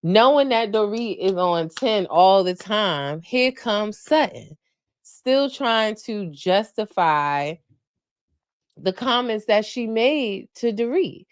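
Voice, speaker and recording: A woman hosting a podcast, recapping in casual chat with blunt, colloquial opinions and animated quoting. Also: takes it slowly, clean tone, no room sound, clean studio sound. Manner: animated, opinionated, acts out quotes with big pitch jumps. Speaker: podcast host.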